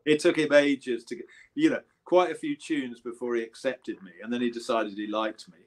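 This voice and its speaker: A man's voice: medium pitch, fairly even intonation, moderate pace, low-quality recording. A man in his seventies with an English accent, a guest musician telling rambling anecdotes and correcting himself as he goes. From England. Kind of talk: casual storytelling interview.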